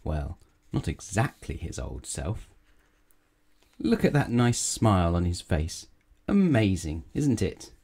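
A man narrating a children's bedtime storybook, gentle and measured. His voice is low and mellow, unhurried as he reads. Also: sing-song, creaky, breathy edge.

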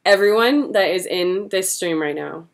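A woman's voice: medium pitch, normal speed, gravelly. A young woman hosting a casual livestream Q&A, chatty and giggly as she answers fan questions. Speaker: livestream host.

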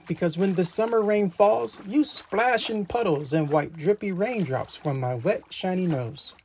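Man gently reading a picture book. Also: high-pitched. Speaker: father reading to his son. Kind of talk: children's picture book read-aloud.

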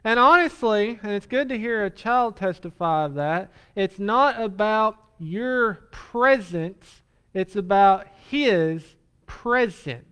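A man's voice: high voice, animated, takes it slowly, pushed and bright, clean tone. Pastor guy with a bit of a lisp, earnest sunday sermon, clean ringing voice. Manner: says he has a lisp; earnest preaching, reads scripture then prays.

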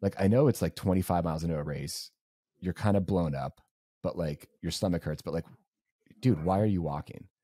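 A man's voice: low-pitched, brisk, dark tone, husky, dry recording, clean studio sound. A young man co-hosting a podcast, telling a race story casually and rambling with lots of fillers. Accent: Southern US. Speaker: podcast co-host.

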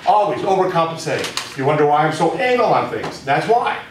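A man's voice: a little high, big pitch swings, a little fast, slight background noise. A man teaching a spiritual course, speaking candidly to a small group and telling stories from his own life. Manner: candid storytelling, speaks straight to listeners. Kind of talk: personal talk to a small group. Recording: very echoey room, from a distance.

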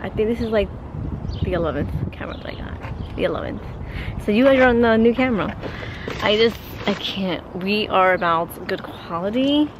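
A woman chatting to her camera in a casual daily vlog, talkative and expressive, tossing in Spanish words, first at home and then on a city street. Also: medium pitch, normal speed, background noise. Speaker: family vlogger. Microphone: handheld vlog camera.

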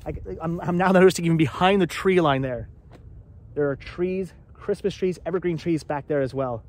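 A man's voice: on the high side, moderate pace. A man chatting casually to his viewers while walking around outdoors on a hilly farm, rambling and asking them questions. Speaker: vlogger.

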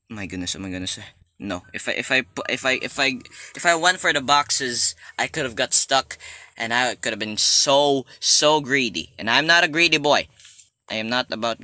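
A young man narrating his gameplay in a very bright, crisp voice. His pitch swings widely as he jokes, apologizes and panics. Casual, excitable let's play commentary recorded at home. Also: normal speed. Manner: jokey, excitable, talks to the game character. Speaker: gaming YouTuber.

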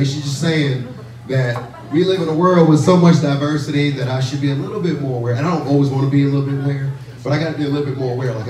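A man in his forties doing a stand-up comedy set, telling brash stories and jumping into high squeaky character voices. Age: 40s. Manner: loud, brash storytelling with sudden high-pitched character voices. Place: comedy club stage with audience. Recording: echoey club recording from far off.

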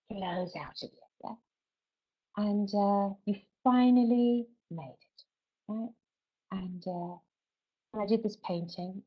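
A woman's voice: mid-range voice, breathy edge, highs cut off. A middle-aged woman speaking at a webinar in a chatty, conversational way, often asking "right?" and "you know". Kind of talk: warm conversational talk.

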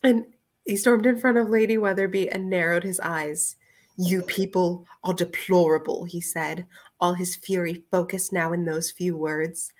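A woman's voice: on the low side, normal speed. Giggly woman reading a novel aloud. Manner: giggly, chatty, animated asides. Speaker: podcast co-host reading aloud. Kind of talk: casual read-aloud with commentary.

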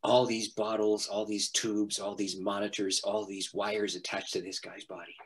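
A middle-aged man, a pastor, telling a personal story in an interview, animated and often laughing. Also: on the low side, normal speed, breathy edge. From Canada.

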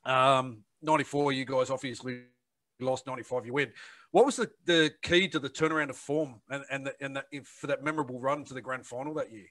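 A man's voice: mid-range voice, fairly even intonation, brisk, a bit bright. A podcast co-host asking a guest about his career, with many hesitant fillers. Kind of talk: interview questions.

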